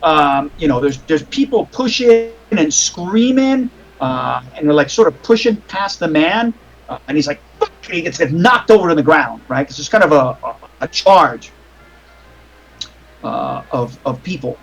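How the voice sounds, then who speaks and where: A man's voice: a little high, lively intonation, normal speed, gravelly, lo-fi sound. A man narrating as game master over a call, rambling with restarts and casual swearing. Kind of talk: narrating a tabletop horror game.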